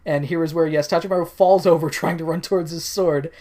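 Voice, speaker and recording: A man's voice: on the high side, steady tone, quick pace, a little mellow. A young man co-hosting a podcast, casually recapping a film, full of fillers and chuckling as he acts out characters' lines. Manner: recaps scenes loosely, acting out the characters' lines; lots of fillers, chuckles mid-sentence. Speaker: podcast co-host. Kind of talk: casual movie discussion.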